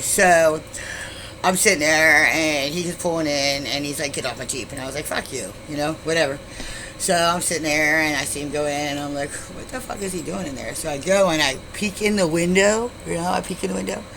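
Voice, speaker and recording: A woman's voice: low voice, fairly bright tone, slight background noise, low-quality recording. A middle-aged woman casually telling a story to her YouTube viewers, rambling and blunt, swearing freely with many asides.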